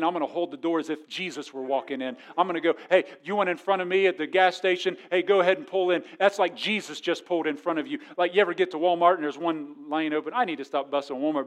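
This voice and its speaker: Male pastor, high-pitched, animated sermon delivery that acts out voices, moving between booming and hushed. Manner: animated, acts out quoted voices, swings from loud to quiet.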